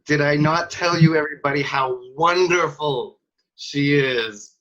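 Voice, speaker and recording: A man's voice: on the high side, sharp tone. A man hosts a casual interview in a friendly way, stumbling through restarts and fillers as he talks. The sound is slightly dull and lo-fi. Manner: halting, full of restarts and fillers. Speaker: host.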